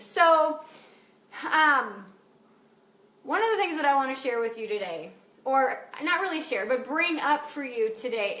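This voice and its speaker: A woman's voice: high voice, fairly bright tone, echoey room. A woman coach talking casually on a live video, chatty, laughing often and swearing freely. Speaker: life coach. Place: home in Wisconsin.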